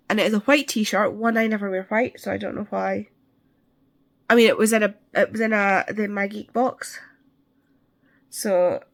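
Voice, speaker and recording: Congested woman chatting casually. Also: mid-range voice. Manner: rambling, chatty, with many fillers. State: losing her voice, congested. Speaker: book vlogger. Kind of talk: casual chat. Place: parked car, then at home.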